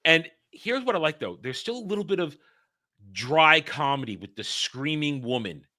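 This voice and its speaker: A man co-hosting a casual film discussion, excitable, tripping over his words and acting out movie lines. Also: on the high side, moderate pace. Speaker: podcast co-host.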